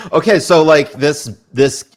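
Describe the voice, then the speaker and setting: A man's voice: a little high, expressive, takes it slowly, husky, no room sound. A man co-hosting a casual podcast, joking and laughing as he reads items aloud. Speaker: podcast co-host. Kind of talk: casual chat.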